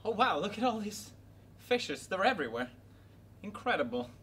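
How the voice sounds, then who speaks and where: A man giving goofy game commentary with silly, loud outbursts and laughter. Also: sits high, sing-song, normal speed, far from the mic, a little hiss or hum.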